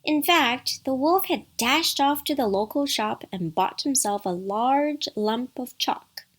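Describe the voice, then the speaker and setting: A woman tells a bedtime story at an unhurried pace, her voice pitched a little high. She reads with a lively, playful lilt and drops in chatty asides to the listener.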